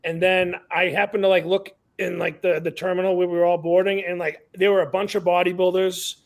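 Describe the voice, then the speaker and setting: A man with a notably high speaking voice, talking casually on a podcast. His delivery is blunt and salty, and he stumbles through restarts as he tells his stories. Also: flat delivery, fairly quick, creaky. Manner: blunt, profane storytelling with many restarts. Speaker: podcast co-host. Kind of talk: casual chat.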